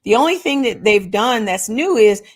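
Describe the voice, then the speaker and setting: Explaining woman, fairly high voice. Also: animated, moderate pace, breathy edge. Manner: explanatory, calls people honey. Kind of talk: casual chat.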